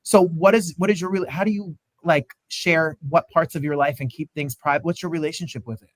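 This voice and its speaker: A man's voice: a little high, steady tone, a little fast, dry recording. A man hosting an interview, upbeat and enthusiastic, questioning his guests. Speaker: host.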